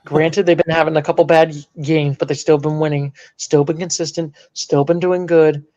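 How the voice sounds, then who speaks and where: A man co-hosting a casual sports podcast, animated and prone to bursts of mock outrage. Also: fairly high pitch, moderate pace, highs cut off. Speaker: podcast co-host.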